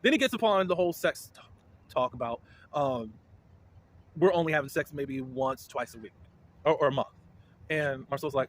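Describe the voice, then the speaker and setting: A man giving casual, blunt commentary as a reality TV recap host, with indignant, animated reactions. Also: mid-range voice, normal speed, pauses often, a little hiss or hum.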